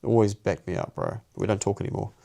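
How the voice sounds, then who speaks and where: A man's voice: fairly low pitch, wildly swooping pitch, fast, vocal fry, mellow. A young man with a New Zealand accent, co-hosting a podcast and telling a personal story in slangy, sweary, casual chat, often restarting his sentences. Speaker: podcast co-host.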